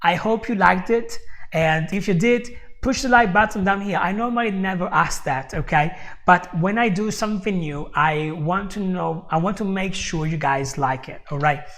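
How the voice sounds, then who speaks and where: A man's voice: sits high, normal speed, fairly bright tone. A man teaching English in a live-stream lesson, chatty, checking in with "okay?" and repeating words as he goes. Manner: repeats words while finding them.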